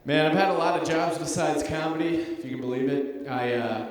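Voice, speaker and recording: A man performing a stand-up comedy set on a theater stage, sarcastic and self-mocking, slipping into quick character voices. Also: on the high side. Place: theater stage before a live audience. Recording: echoey hall recorded from far off.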